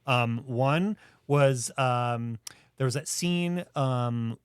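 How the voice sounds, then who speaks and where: A man co-hosting a podcast in casual chat, talking eagerly in quick bursts. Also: medium pitch, smooth, no echo. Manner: eager, rushing bursts of speech. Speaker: podcast co-host.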